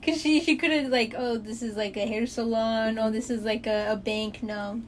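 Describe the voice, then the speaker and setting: A woman's voice: on the high side, moderate pace, a little hiss or hum. A young woman chatting casually on a podcast, telling stories and acting out quotes, swearing freely. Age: young adult. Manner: animated storyteller, acts out quotes, swears freely. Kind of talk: casual chat.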